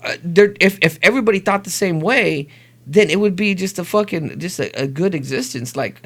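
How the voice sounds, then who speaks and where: A middle-aged podcast co-host with a high voice talks fairly quickly in casual chat. He tells animated stories and rants, swearing a lot along the way.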